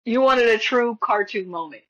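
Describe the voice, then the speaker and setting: A woman's voice: a little high, normal speed, fairly bright tone, highs cut off. A woman co-hosting a podcast, making wry, offhand comments in casual chat. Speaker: podcast co-host.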